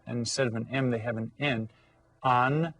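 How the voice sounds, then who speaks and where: A male elementary Spanish teacher giving a video lesson to children. He repeats each word slowly, checks that they follow along, and calls out lively classroom commands. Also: medium pitch, dry recording. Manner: patient, repeats words slowly and checks understanding.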